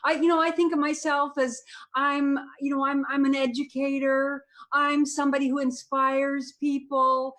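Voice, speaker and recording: A woman plays a self-important young woman pundit who lectures men about their failings. The delivery is preachy and pushy, raised in pitch and loudness above her normal talk. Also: little pitch movement, normal speed.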